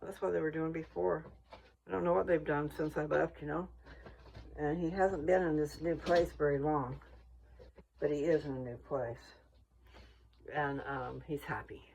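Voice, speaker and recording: A woman's voice: low voice, normal speed, gravelly, long pauses, darkish tone, low-quality recording. An American woman chatting casually in a meandering, think-aloud way while out walking. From United States. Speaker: vlogger. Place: outdoors on a walk.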